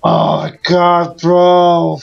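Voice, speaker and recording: A gaming YouTuber giving casual let's-play commentary, excitable and full of exclamations and groans. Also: medium pitch, extremely slow, gravelly, highs cut off.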